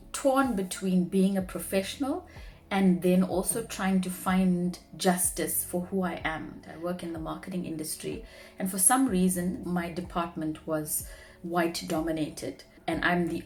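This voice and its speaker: Earnest young woman, low-pitched. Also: unhurried, a little mellow, faint music behind. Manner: earnest and heartfelt. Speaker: vlogger; marketing professional. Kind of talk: personal reflective talk to camera.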